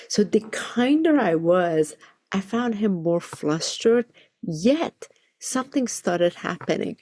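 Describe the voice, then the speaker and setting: A woman reverend hosting a solo podcast episode, telling a personal story in a soft, earnest way and laughing now and then. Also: medium pitch, lively intonation, measured pace. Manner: soft-spoken, earnest, laughs while recounting.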